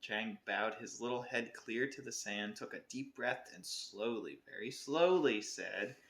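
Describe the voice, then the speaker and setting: Man reading a picture book aloud, expressive storyteller, bright tone, roomy echo. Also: lowish voice, unhurried, few pauses. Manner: expressive storybook reading, self-correcting asides. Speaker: podcast co-host reading aloud.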